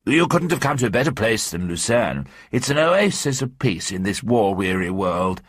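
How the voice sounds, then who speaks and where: A man's voice: fairly low pitch, sing-song, moderate pace, a bit bright, husky, no room sound, clean studio sound, full character voice. A man voicing a stout, talkative English journalist with an eager, ingratiating manner. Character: stout chatty English journalist husband, middle-aged.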